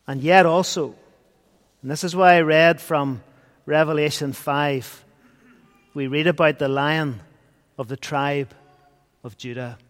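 A man preaching a sermon, earnest, swinging between loud and hushed. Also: a little high, steady tone, unhurried, pauses often. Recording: long hall reverb.

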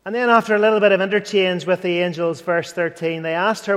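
A man's voice: sits high, steady tone, fast, a bit bright. A man preaching an earnest sermon, rising to fervent and dropping to near whispers. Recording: long hall reverb.

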